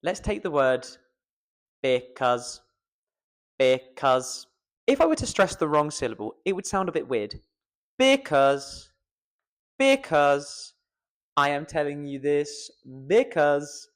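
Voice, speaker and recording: Playful voice coach, lively pitch. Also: male voice, fairly quick, few pauses. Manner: playful, self-mocking, drawing out stressed syllables. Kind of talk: casual pronunciation lesson to camera.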